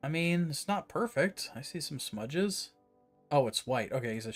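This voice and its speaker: Lively, rambling male game streamer. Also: a little high, faint music behind. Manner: casual, rambling, with fillers and quick laughs. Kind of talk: live gameplay commentary.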